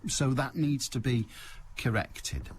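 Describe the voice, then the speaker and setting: A man's voice: mid-range voice, animated, measured pace, slight background noise. A man hosting a radio phone-in, blunt and wry, pushing callers along. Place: radio studio.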